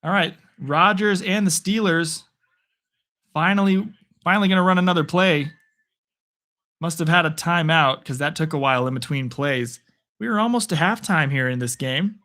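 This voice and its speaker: Man, slightly high voice, casual home play-by-play streamer who chats freely with viewers. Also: pushed and bright. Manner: chatty, rambling, talks to viewers. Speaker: streamer giving live play-by-play. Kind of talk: casual live play-by-play and chat. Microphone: phone propped on a picture frame.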